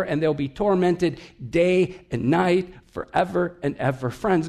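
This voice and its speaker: A man preaching a sermon as a pastor, telling stories and swinging from emphatic to hushed. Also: fairly high pitch.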